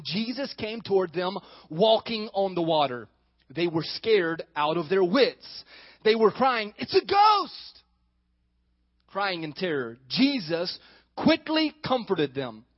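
High-voiced preaching pastor, dry and dull. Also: male voice, no room sound. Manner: animated, acts out scripture dialogue. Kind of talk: sermon.

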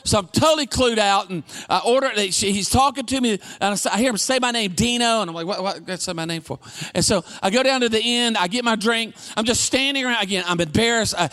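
A middle-aged man preaching a sermon in a fairly high voice. He tells his stories with plenty of animation, and he raises his voice to a shout to drive a point home. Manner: animated storytelling, shouts for emphasis. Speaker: pastor.

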